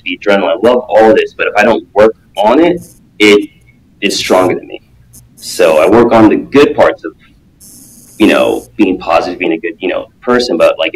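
A man talking as a guest in a casual podcast interview, a martial arts coach who speaks earnestly and acts out quotes in an animated way. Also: deep voice, poor audio.

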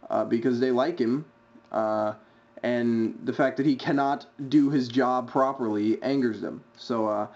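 Halting man, dull lo-fi commentary. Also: mid-range voice, darkish tone. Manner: halting, many uh's. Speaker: video uploader commenting on a clip. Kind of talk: casual opinionated commentary.

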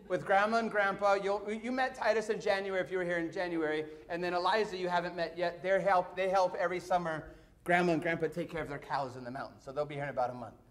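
A middle-aged man, a pastor, telling a story in a sermon, animated and swinging from hushed to excited. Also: high-pitched.

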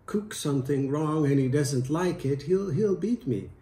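A man's voice: on the high side, expressive, unhurried, dark tone, distant mic, voice pushed up. A man voicing Beatrix, a pleading peasant wife. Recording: echoey room.

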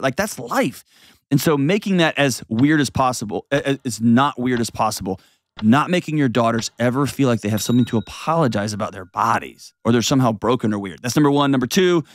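A man's voice: mid-range voice, no room sound, studio quality. A man hosting an advice show, talking bluntly and animatedly, slipping into mocking voices. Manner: blunt, animated, mimics voices mid-sentence. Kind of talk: casual advice talk.

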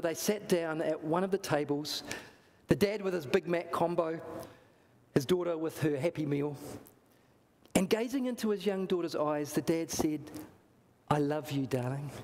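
A man's voice: on the high side, darkish tone, long reverb tail. A man with a New Zealand accent, preaching a sermon in a church and acting out the voices in his story. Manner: storytelling, acts out quoted voices.

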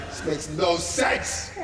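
A very high-pitched South African comic performs a stand-up set, spinning stories and playing out the lines he quotes. Recorded from a distance in an echoey venue, the clip carries heavy background noise and roars of crowd laughter.

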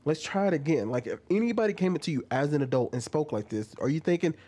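A man's voice: fairly high pitch, lively intonation, fast, mellow, husky. A young man giving reaction commentary, arguing with a string of rhetorical questions.

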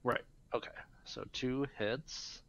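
Dude playing a tabletop game, lively, talks through his moves, muffled lo-fi sound. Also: mid-range voice, slow, creaky. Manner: lively, describes his actions eagerly. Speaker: player. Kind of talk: casual tabletop play. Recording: dull lo-fi recording.

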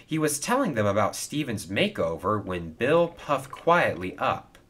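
A man's voice: fairly low pitch, very animated, a little slow, fairly bright tone. Man reading a children's story. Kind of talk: storybook narration.

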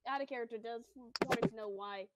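A woman's voice: a little high, brisk. A woman playing a tabletop game, flustered and stammering as she repeats herself. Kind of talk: casual in-character and table talk. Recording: noisy line with clicks.

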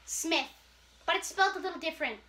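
A teen boy putting on a nervous young woman who can't remember anyone's name. She sounds high and bright, and she hesitates and stammers through every answer. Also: fast, a little hiss or hum. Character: timid young woman caller faking a shift. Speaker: prank caller.

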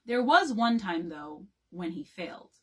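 A woman librarian reading a chapter book aloud as a bedtime story, with calm, expressive narration. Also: on the low side, a little slow, slightly rough.

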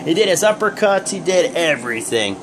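Rambling young man with lively pitch. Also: a little fast. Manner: rambling, joking, many fillers. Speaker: host of a wrestling review vlog. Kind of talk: casual recap talk. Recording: noisy background hum.

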